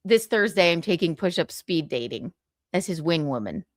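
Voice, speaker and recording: A woman hosting a casual livestream, reading viewer comments out loud in a brash, profane, giggly way. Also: on the low side, lively intonation, normal speed, no echo, studio quality. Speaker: livestream host.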